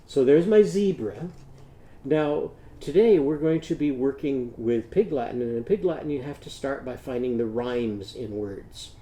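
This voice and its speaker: A man leads a children's phonics lesson as he draws on a page. His voice is dark and mellow, and he sounds out each word slowly and patiently for young learners. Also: mid-range voice. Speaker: teacher. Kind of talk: children's literacy lesson while drawing.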